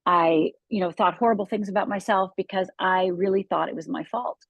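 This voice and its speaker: A woman's voice: mid-range voice, brisk, vocal fry, no echo, muffled recording. A middle-aged woman from Upper Michigan, a guest life coach telling a personal story in a podcast interview, earnest and vivid, with emphatic repetitions. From Upper Michigan, USA.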